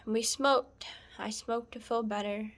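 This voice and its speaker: This is a woman telling a painful personal story straight to the camera. Her voice sits a little high and she speaks slowly, with halting pauses. At times it sinks to a near whisper. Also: fairly even intonation. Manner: halting, soft-spoken, drops to whispers at times. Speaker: vlogger sharing a personal story. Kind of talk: emotional personal testimony.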